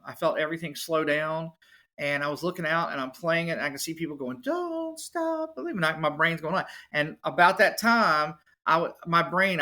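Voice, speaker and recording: A man, a musician and podcast guest, telling his story in a casual, animated way. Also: a little high. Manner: animated, acts out other people's voices.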